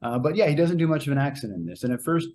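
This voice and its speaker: A man's voice: medium pitch, sing-song, rapid-fire, a little mellow, a little hiss or hum. A man giving a casual, rambling spoken movie review, with many fillers and restarts. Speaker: movie reviewer, show co-host.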